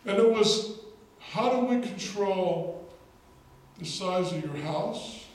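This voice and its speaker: Slowly and with animation, a high-voiced man who serves as a state legislator tells stories at a political rally. He is emphatic and repeats words for effect, captured by a far-off mic in an echoing hall with a little noise.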